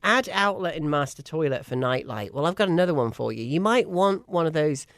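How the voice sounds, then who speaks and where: A woman's voice: deep voice, lively intonation, fairly quick, no room sound, clean studio sound. A woman with an English accent, co-hosting a casual chat show and talking with emphatic enthusiasm. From England. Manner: chatty and emphatic, with frequent laughs. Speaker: co-host.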